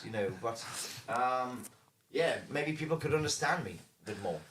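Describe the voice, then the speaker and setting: A man's voice: a little high, normal speed, a bit bright, slight background noise. A man co-hosting a casual football podcast, chatting and reading out viewer comments. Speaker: podcast co-host.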